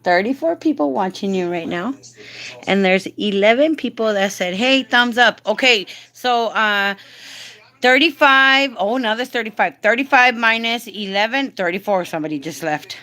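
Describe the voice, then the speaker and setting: A woman's voice: fairly high pitch, moderate pace, bright, forceful tone. A woman hosting a casual live stream, coaxing and doting as she talks to a man beside her.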